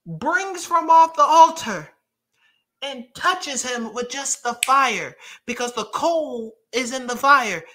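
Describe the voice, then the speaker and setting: A man's voice: very high-pitched, pushed and bright. A man preaching a sermon, reading scripture aloud emphatically and breaking into casual asides to his congregation.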